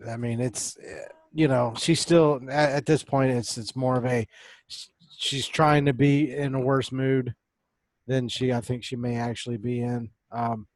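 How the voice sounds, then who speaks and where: A man's voice: mid-range voice, darkish tone, no room sound. A man playing a tabletop game, casually describing what his character does, rambling and restarting. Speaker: player.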